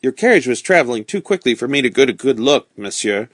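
A man's voice: medium pitch, very animated, fast talker, dry recording, studio quality. A man voicing a humble, grizzled peasant road mender in a read-aloud story, speaking in a deferential, eager way.

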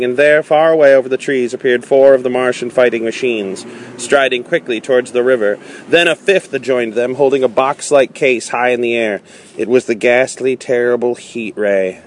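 Man reading a book aloud, measured delivery, mid-pitched, faint street noise behind. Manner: measured, with small slips and restarts. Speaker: audiobook reader.

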